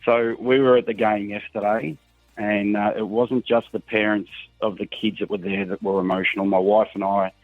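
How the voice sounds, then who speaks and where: A man's voice: lowish voice, level tone, normal speed, dry recording, soft background music. A man calling in to a radio show, talking earnestly and rambling with plenty of fillers. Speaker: radio caller. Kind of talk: call-in chat. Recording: phone line.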